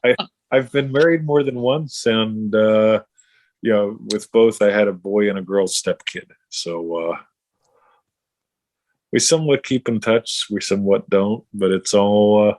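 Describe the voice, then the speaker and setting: A middle-aged man, co-hosting a casual chat, blunt and swearing freely as he tells animated stories. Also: on the low side, a little slow, no echo. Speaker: podcast co-host.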